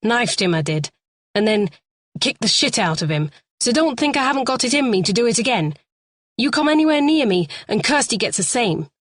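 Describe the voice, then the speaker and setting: Frantic cornered young male crook, voiced by a woman narrator: shrill, swearing, dry close mic. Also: normal speed, pushed and bright, dry recording. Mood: frantic bravado. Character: panicky young male kidnapper, cornered and volatile. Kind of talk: audiobook character voice.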